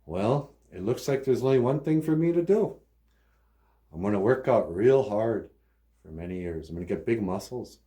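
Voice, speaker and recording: A man's voice: fairly low pitch, expressive, normal speed, dark tone, lightly acted. A man voicing a rich young hero, earnest and wounded, in a raised, exclaiming voice during comic storytelling. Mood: determined.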